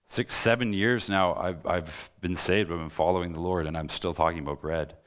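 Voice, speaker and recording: A man's voice: low-pitched, fairly even intonation, normal speed, fairly bright tone. A young man preaching a sermon in an earnest voice that rises into impassioned, pleading questions.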